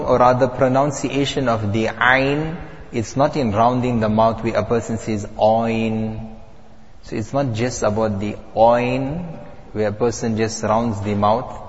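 A man teaching how Arabic letters are pronounced in Quran recitation. He speaks slowly and deliberately and repeats sounds to contrast them. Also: mid-range voice, steady tone. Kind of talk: step-by-step pronunciation lesson. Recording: lo-fi audio with long hall reverb.

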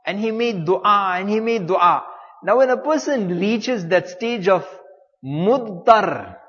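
A man's voice: high-pitched, expressive, slow, a bit bright, in a large hall, muffled recording. A man preaching, telling a story in a sermon, repeating phrases and using Arabic religious terms.

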